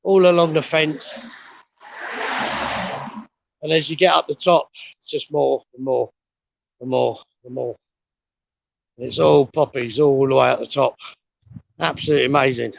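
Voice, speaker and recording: A man's voice: mid-range voice, fairly even intonation, measured pace, vocal fry, pauses often, rough recording. A middle-aged man out of breath, talking casually and bluntly with lots of swearing while walking up a steep hill outdoors, recorded on a handheld phone. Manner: blunt, swears a lot, rambling. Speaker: vlogger.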